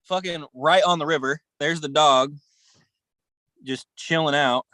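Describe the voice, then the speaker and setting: A man's voice: on the high side, measured pace, sharp tone, no echo, low-quality recording. A man co-hosting a podcast over a video call from his camper, talking in a profane, upbeat, rambling way. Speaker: podcast co-host. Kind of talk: casual chat. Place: camper by a river outdoors.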